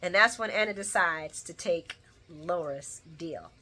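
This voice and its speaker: A woman hosting a casual, chatty recap, animated and slangy, who laughs and acts out lines. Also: medium pitch, unhurried. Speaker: channel host. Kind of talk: casual soap opera recap.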